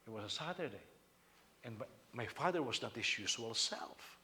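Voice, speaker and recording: A male senior pastor preaching a sermon, telling stories with sudden loud bursts of emphasis. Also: mid-range voice, lively intonation, normal speed, slight background noise.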